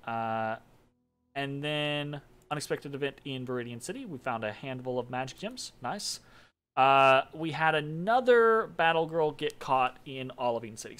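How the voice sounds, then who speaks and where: A man's voice: a little high, a bit bright. A man casually commenting on his strategy game turn, thinking aloud with many ums and restarts. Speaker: game streamer. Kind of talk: casual let's-play commentary.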